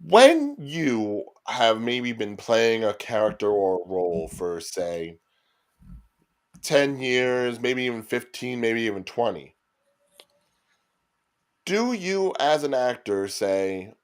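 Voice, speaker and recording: A man co-hosting a podcast, asking long, drawn-out hypothetical questions in casual chat. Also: medium pitch, big pitch swings. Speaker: podcast co-host.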